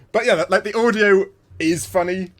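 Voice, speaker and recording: A man co-hosting a podcast, chatting casually about retro games and telling stories with frequent laughter. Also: high-pitched. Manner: animated, laughing storyteller. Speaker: podcast co-host.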